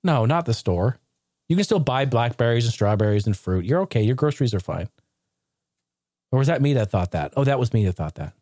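Animated, swearing male podcast host. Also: medium pitch, brisk, no echo, clean studio sound. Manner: animated, profane, joking. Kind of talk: casual chat.

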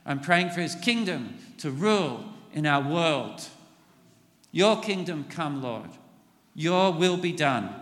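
A man's voice: fairly high pitch, pushed and bright. A man preaching a sermon in a church, earnestly leading the congregation through the lines of a prayer. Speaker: pastor. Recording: long hall reverb.

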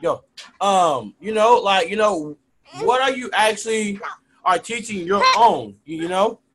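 A man's voice: high-pitched, lively intonation, a little slow. A man who referees youth football and teaches, telling stories casually in an interview and filling his talk with "like" and "you know". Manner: rambling, heavy use of "like" and "you know".

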